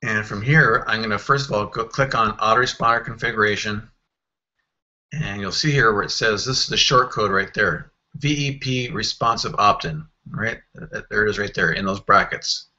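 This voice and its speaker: A man walking through a software screen tutorial in a casual, think-aloud way, with fillers and self-corrections. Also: fairly low pitch, normal speed, dull audio. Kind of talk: screen-recorded software walkthrough.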